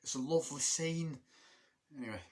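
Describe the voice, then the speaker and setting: A man giving a casual spoken movie review, rambling and chatty with many fillers and restarts. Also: a little high. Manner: acts out film characters' lines in quick put-on voices.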